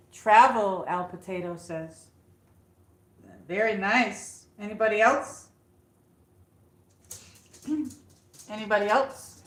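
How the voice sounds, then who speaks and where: A woman's voice: medium pitch, takes it slowly, pauses often, roomy sound, rough recording. A woman hosting a casual livestream from her home, chatting with viewers and coaxing her dog. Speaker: livestream host. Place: room at home.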